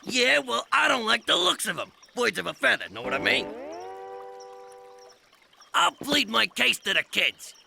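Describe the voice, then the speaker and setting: A man's voice: very high voice, sing-song, unhurried, gravelly, long pauses, heavily acted. A man voicing a scrappy, tough-talking male garden gnome leader in a cartoon, with music underneath. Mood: gruff. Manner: brash, tough-guy, insulting.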